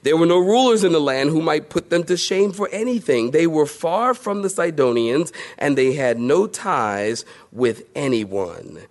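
A man's voice: fairly high pitch, animated, unhurried, hardly any pauses. A man preaching through a Bible passage in a conversational way, with playful asides. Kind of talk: expository Bible teaching.

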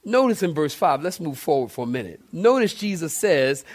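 A man preaching a sermon as pastor in a church, animated and talking straight to the congregation, sometimes acting out shouts. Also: fairly high pitch, normal speed, few pauses.

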